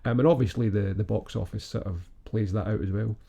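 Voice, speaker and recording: A man co-hosting a film review podcast in relaxed, casual chat, laughing often. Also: on the low side, fairly quick, creaky, breathy edge, highs cut off. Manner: relaxed, chuckles often, many fillers. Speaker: podcast co-host.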